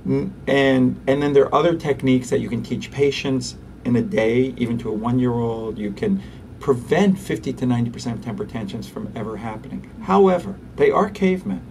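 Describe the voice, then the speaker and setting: A man, a pediatrician, giving an interview and explaining parenting techniques in an animated way, acting out parents and kids. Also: medium pitch, fairly quick, far from the mic, a little hiss or hum. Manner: animated, acts out parents and children.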